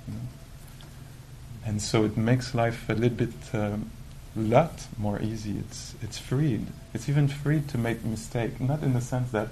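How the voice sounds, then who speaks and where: A man giving a conversational dharma talk as a meditation teacher, animated and full of "you know" fillers. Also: medium pitch, moderate pace, slight background noise, rough recording. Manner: animated, acts out quoted inner voices.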